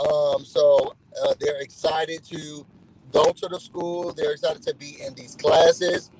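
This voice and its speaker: Fairly high in pitch and slow in pace, a man speaks over a low-quality recording. For his channel, he gives a casual, lively recap of a reality show, voicing other people's quotes as he goes.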